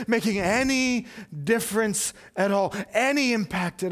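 A male pastor preaching a sermon, repeating phrases for emphasis and swinging from loud emphatic peaks to hushed, intense low passages. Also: measured pace, few pauses.

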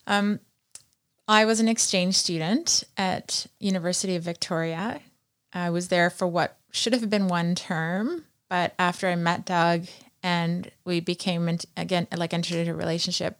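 A woman with a fairly low voice tells stories in a chatty, animated way. She speaks as an interview guest. The recording is close and dry, with no room sound. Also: moderate pace, no echo. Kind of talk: conversational interview storytelling.

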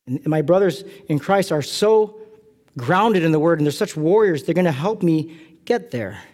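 A middle-aged man from California delivers a sermon in a fairly high-pitched voice. He tells animated, self-deprecating stories with lively asides. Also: moderate pace. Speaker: pastor.

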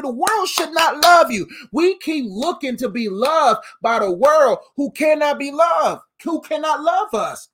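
High-pitched woman preacher, super animated, slangy sermon, keeps saying fam. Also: moderate pace, hardly any pauses. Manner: animated, emphatic, slangy, calls listeners "fam".

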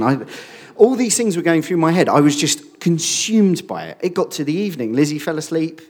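A man, preaching a sermon and telling a personal story in a lively way, acting out the quoted speech. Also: medium pitch, fairly quick, husky.

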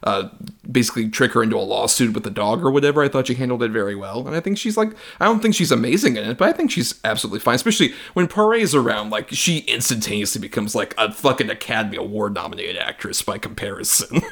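A man co-hosting a podcast talks through a film in a loose, casual way. He laughs often, swears freely and acts out bits of the scenes. His voice sits in a middle pitch. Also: lively intonation, fast, creaky, a bit bright. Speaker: podcast co-host.

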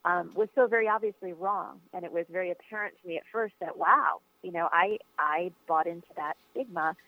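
Her voice on the low side and her pace fairly quick, a woman author recounts a personal story for an interviewer, earnest and reflective, with frequent fillers and restarts. The recording comes over a dry, tinny phone line.

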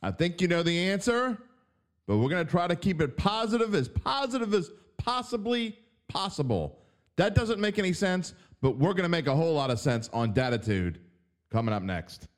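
A man's voice: high-pitched, very animated, moderate pace. A man from Southeast Louisiana with a New Orleans accent, hosting a sports podcast in a wry, joking way that often corrects itself. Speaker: podcast host, sports betting writer.

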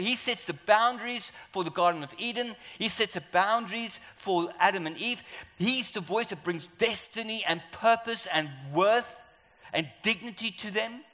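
A man's voice: sits high, animated, normal speed, pushed and bright. A man preaching a sermon, stressing and repeating his key phrases. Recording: echoey hall with faint ambience.

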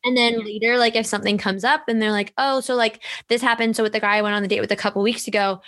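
Young woman podcaster rambling away, lots of likes, swears casually, mid pitch. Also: level tone, rapid-fire, fairly bright tone. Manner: chatty, candid, full of fillers and swearing. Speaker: podcast host.

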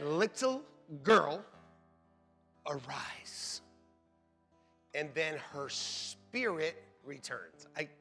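A man pastor preaching a sermon in an animated, joking way, laughing often as he speaks to the congregation. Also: fairly high pitch. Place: church sanctuary. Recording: long hall reverb with faint music.

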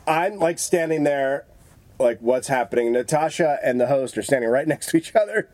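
A man's voice: mid-range voice, animated, moderate pace, a little mellow, no echo. A man, a stand-up comedian, telling a story in casual chat with wry self-mockery.

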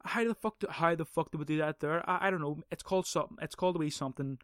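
A man's voice: fairly high pitch, very fast, fairly bright tone, dry recording, clean studio sound. A man hosting a podcast, talking off the cuff in a profane, heated rant that keeps drifting into tangents. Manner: profane, ranting, goes off on tangents; heated and emphatic. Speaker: podcast host. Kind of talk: casual monologue on arguing.

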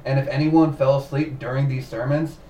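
A man's voice: medium pitch, steady tone, brisk, mellow. A man hosting a casual podcast and telling a cult story from his notes, repeating himself now and then. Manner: narrates from notes, repeats words, laughs easily. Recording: roomy distant mic with faint noise.

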